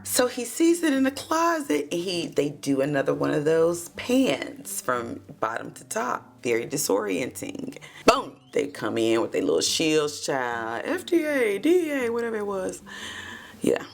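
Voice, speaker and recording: Gravelly, animated woman gossiping. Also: sits low, a little slow. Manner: gossipy, calls the audience "baby" and "child". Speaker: TV episode recapper. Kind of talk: casual chatty recap.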